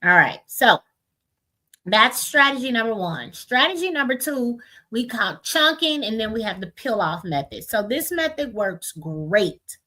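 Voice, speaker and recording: A woman teaching parents how to split long words into syllables, explaining step by step, sounding out words slowly and often checking in with "right?". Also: fairly high pitch, very animated, sharp tone. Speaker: literacy instructor. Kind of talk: parent education webinar.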